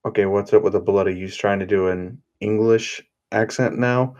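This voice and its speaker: A man voicing a moody, sharp-tongued young woman who scolds her partner bluntly, in his own low voice. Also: fairly even intonation, moderate pace, natural voice. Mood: irritated.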